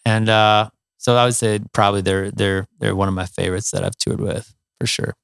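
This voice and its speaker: A man's voice: fairly low pitch, fairly even intonation, a little fast, gravelly, a bit bright, smooth, dry recording, clean studio sound. A middle-aged man from Ohio, a musician, telling stories in a casual interview, with many fillers and restarts. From Toledo, Ohio, USA. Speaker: guest, musician.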